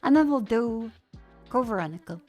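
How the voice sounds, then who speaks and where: A woman streamer, stuffy from a sinus infection, chatting casually on a desk mic in a profane, rambling, excitable way. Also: fairly high pitch, moderate pace, soft background music. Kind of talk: casual gaming stream chat. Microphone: desk microphone.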